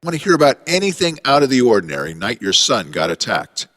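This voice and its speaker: Man voicing an ex-ranger investigator, formal, probing, lively pitch, long reverb. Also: fast talker. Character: persistent male former ranger investigator.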